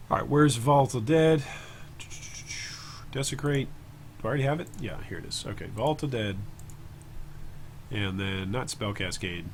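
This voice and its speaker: A man's voice: fairly low pitch, a little hiss or hum. A man streaming a video game, thinking aloud in a casual, chatty way and answering viewers' comments as he plays.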